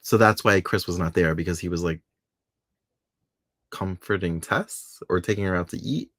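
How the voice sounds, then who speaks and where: Deep-voiced chatty man recapping a soap. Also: steady tone, moderate pace, fairly bright tone, no room sound, clean studio sound. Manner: chatty, laughs often, quotes characters in voices. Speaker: podcast co-host. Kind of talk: casual recap chat.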